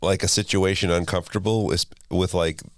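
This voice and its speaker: A man in his thirties co-hosting a casual parenting podcast, talking in a laid-back, halting way with many fillers. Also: deep voice, steady tone, no room sound, clean studio sound. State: recovering from a cough. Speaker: podcast co-host. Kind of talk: casual chat.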